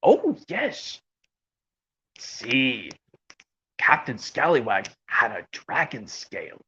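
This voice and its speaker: A woman's voice: very deep voice, wildly swooping pitch, sharp tone, a little hiss or hum, pitched below the performer's own voice, full character voice. Woman doing Quetzal, a wise old dragon. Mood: fond. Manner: slow, reminiscing, halting. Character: old kindly male dragon, gentle teacher. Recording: dull lo-fi audio.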